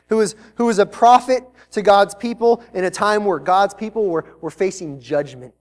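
A man preaching a live sermon as pastor to a congregation in a church, talking in a conversational way and mixing in joking asides. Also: high-pitched. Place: church service before a congregation.

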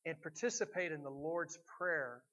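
A middle-aged man preaching a sermon as pastor, swinging between loud emphatic lines and quiet reflective ones. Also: fairly high pitch, moderate pace, lo-fi sound.

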